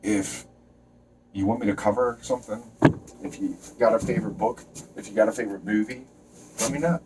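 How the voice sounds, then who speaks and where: A man's voice: lowish voice, steady tone, a little fast, far from the mic, heavy background noise. A man giving a rambling, preachy motivational rant to camera, swearing and jumping between topics. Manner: shouts and stretches words when fired up. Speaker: vlogger.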